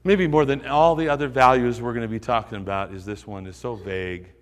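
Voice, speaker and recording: A man's voice: medium pitch, fairly even intonation, a little fast, in a large hall. A male pastor preaching a sermon, earnest and urging, repeating phrases for emphasis.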